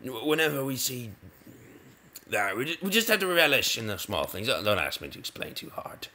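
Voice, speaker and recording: A gaming video host speaks a little fast in a pushed, bright, medium-pitched voice with big pitch swings. Commentating casually over a video game, he rambles playfully, often breaking off mid-sentence and starting again.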